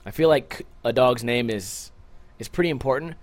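A man's voice: mid-range voice, moderate pace. A young adult man hosting a casual solo podcast, rambling loosely with lots of swearing and jokes, tired from a short night's sleep. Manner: loose, profane, rambling and joking. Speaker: podcast host.

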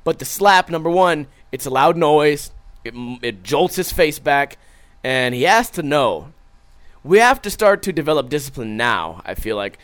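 A man's voice: a little high, normal speed. A young man streaming, chatting casually and profanely, acting out his stories and reading viewer comments. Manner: profane, animated, acts out his own stories.

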